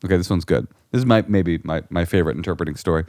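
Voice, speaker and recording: A man's voice: sits low, racing, dry recording, studio quality. A man telling a comic story in casual chat, acting out the people in it. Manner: animated storyteller, acts out shouting characters. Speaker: comedian guest.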